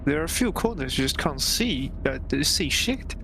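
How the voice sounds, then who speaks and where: A man's voice: on the high side, lively intonation, moderate pace, noisy background. A man racing with friends, chatting in a blunt, wry, casual way. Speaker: fellow sim racer. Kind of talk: casual chat while sim racing.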